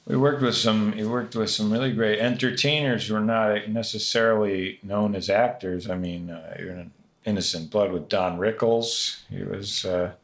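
A man's voice: on the low side, fairly even intonation, normal speed. A male host giving brief, encouraging interjections in casual interview chat.

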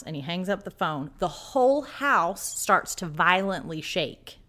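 A woman's voice: on the low side, very animated, unhurried, pushed and bright. A woman podcast co-host telling a story dramatically in a casual chat, acting out the quotes.

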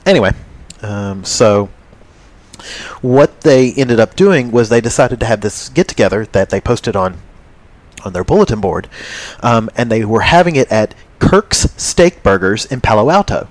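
A man's voice: lowish voice, expressive, moderate pace, dry recording. A man co-hosting a podcast in casual chat, rambling and joking with lots of ums. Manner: rambling, jokey, many ums. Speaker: podcast co-host.

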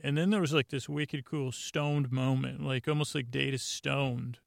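A man's voice: mid-range voice, fairly even intonation, measured pace, creaky, no room sound, clean studio sound. A man hosting a bedtime podcast, rambling casually through an episode recap with many fillers and restarts. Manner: meandering, full of fillers and restarts; casually retells scenes with "he goes". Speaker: podcast host.

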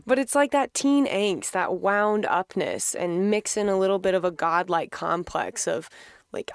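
A woman's voice: on the low side, creaky, dry recording, studio quality. A woman speaking openly and casually about her feelings, laughing often and swearing freely. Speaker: podcast host sharing a personal story. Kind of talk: candid reflective monologue.

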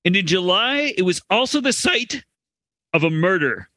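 A man's voice: high-pitched, sing-song, moderate pace, sharp tone, no echo. A man co-hosting a comedy podcast, recounting an odd news story with amused asides. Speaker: podcast co-host presenting stories. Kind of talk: reading news stories with banter.

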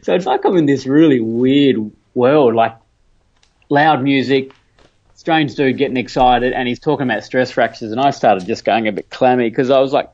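An Australian man telling a story in casual chat, animated and laughing often, acting out the voices of people he quotes. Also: mid-range voice, moderate pace, muffled recording.

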